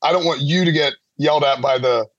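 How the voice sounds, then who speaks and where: A man's voice: on the high side, brisk, no room sound, dull audio. A man appearing as a guest sportswriter in casual podcast chat, rambling and self-deprecating, with frequent laughs.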